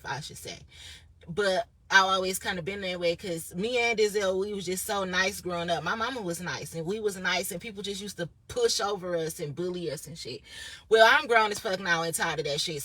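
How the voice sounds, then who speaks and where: Blunt, husky-voiced young woman vlogging. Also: medium pitch, pushed and bright, no room sound. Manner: blunt, profane, rambling. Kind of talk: casual chat to camera.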